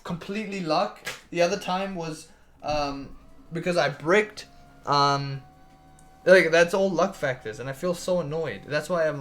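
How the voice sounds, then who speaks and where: A man's voice: fairly high pitch, fairly bright tone, slight background noise. A man streaming a card game, chatting casually with his viewers, restarting sentences and swearing offhandedly. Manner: swears casually, restarts a lot, reads chat aloud. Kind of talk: casual live-stream chat.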